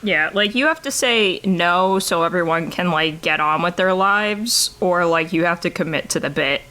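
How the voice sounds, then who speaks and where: A woman's voice: fairly low pitch, moderate pace, sharp tone. A woman co-hosting a casual podcast, talking in a chatty, loose way with frequent fillers and laughs. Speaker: podcast co-host. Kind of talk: casual chat.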